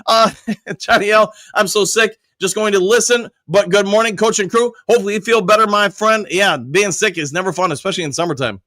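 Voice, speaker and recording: A man's voice: high-pitched, brisk, bright, forceful tone, no echo. A man hosting a live sports podcast, talking casually and reading viewer comments aloud before answering them. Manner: loose and conversational, with frequent restarts and fillers. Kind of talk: live-stream sports chat.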